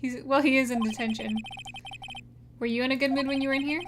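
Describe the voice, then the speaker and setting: A woman's voice: sits high, steady tone, fast, pauses often, background noise. A woman streamer joking and giggling as she plays through a game and reads its dialogue. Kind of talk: game commentary while reading dialogue. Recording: game music behind the voice.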